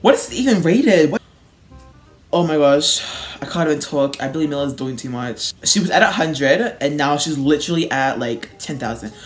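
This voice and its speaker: A woman hosting a casual reaction video, talking in an animated way and laughing often. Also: deep voice, normal speed, soft background music.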